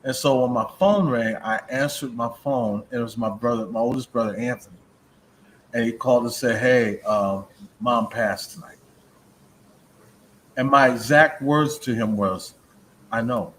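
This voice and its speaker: A middle-aged man speaks at an even middle pitch, telling a personal story earnestly and growing soft-spoken when it gets emotional. He comes through a video call with faint background noise. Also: moderate pace. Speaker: co-host of paranormal show. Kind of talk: casual conversation.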